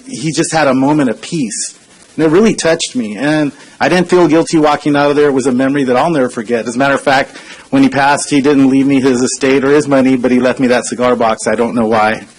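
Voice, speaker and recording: A man's voice: medium pitch, poor audio. A man in his forties giving an earnest public comment speech at a council chamber podium, conversational and full of hesitations. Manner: conversational and earnest, frequent uh fillers. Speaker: consultant speaking at public comment.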